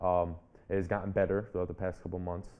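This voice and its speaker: Low, gravelly, earnest young man. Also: little pitch movement, fast, mellow, muffled recording. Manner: earnest and reflective, restarts phrases often. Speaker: guest, public speaker and author. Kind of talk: personal storytelling in an interview.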